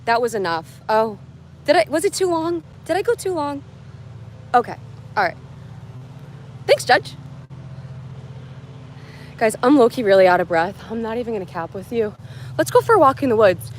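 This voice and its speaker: A bubbly young woman with a fairly high voice chats on a phone livestream from outdoors in the woods. She rambles loosely, reacting to viewer comments, and there is a faint hiss behind her. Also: very animated, moderate pace, long pauses. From United States. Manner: bubbly, rambling, reads and answers chat comments. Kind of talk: casual livestream chat. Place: outdoors in wooded mountains.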